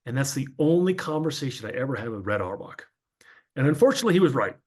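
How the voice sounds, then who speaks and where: A man's voice: medium pitch, very animated, quick pace, breathy edge. A man in his fifties from northern New Jersey, a former sportscaster, telling his life story as an interview guest in a chatty, anecdotal way with frequent fillers.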